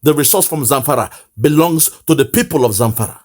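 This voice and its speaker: A man's voice: medium pitch, lively intonation, fast talker, a little mellow. A man with a Nigerian accent giving impassioned political commentary, lamenting and repeating phrases for emphasis. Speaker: online commentator.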